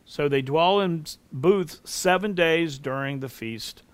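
A middle-aged man preaching a sermon, speaking earnestly and reading scripture aloud at a measured pace. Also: fairly high pitch, clean tone, dry recording. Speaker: pastor.

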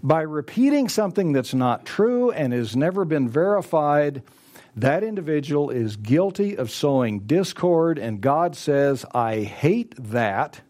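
A pastor preaches a sermon, hammering his points with emphatic repetition and acting out what people might say to each other. His fairly high voice swings widely in pitch, warm in tone and measured in pace.

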